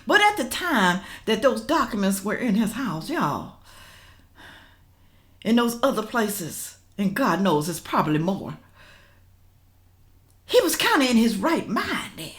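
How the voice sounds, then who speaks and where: A woman hosting a reaction channel, commenting casually and talking straight to her viewers. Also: medium pitch. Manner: animated, talks straight to viewers as "y'all".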